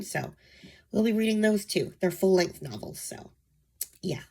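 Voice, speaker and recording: A woman hosting her book channel, sick and nasal, talking softly to save her voice, with frequent ums. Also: mid-range voice, expressive, a little slow, gravelly. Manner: soft-spoken, saving her voice, many ums. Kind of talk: casual book vlog.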